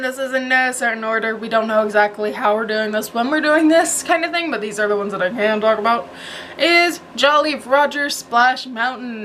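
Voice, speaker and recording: Chatty young woman vlogging, slightly high. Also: a bit bright, slight background noise. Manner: chatty, rambling, with laughs. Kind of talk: casual vlog chat.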